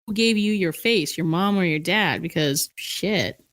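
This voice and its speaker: A woman's voice: on the low side, a little slow, fairly bright tone, no echo. A crude little gnome man who fires off mocking insults, as a woman puts him on. He is a caged prisoner in a tabletop game and speaks with a dry, close sound. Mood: insulting. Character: foul-mouthed caged male gnome.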